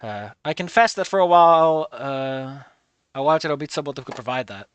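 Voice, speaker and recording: A streamer giving animated, swear-filled commentary while playing through a story game. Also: medium pitch, moderate pace, clean tone. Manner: animated, swearing, laughing often.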